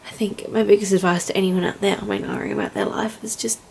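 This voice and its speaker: A woman's voice: medium pitch, steady tone, fast, gravelly, darkish tone, slight background noise. A young adult woman working as an au pair, talking in a rambling, chatty and heartfelt way in a casual vlog from indoors at home. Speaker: au pair vlogger.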